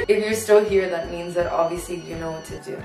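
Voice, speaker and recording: A woman chatting casually to the camera in a vlog at home, giggly and talkative. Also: fairly low pitch. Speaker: vlogger. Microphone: camera held by someone else. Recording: roomy, camera a bit distant. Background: music playing.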